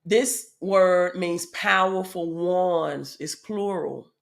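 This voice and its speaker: A woman's voice: fairly low pitch, steady tone, very slow, gravelly. A woman with a Southern US accent giving a casual spiritual teaching, with frequent "um" fillers and checks of "right?" to her audience. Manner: asks the audience "right?" often.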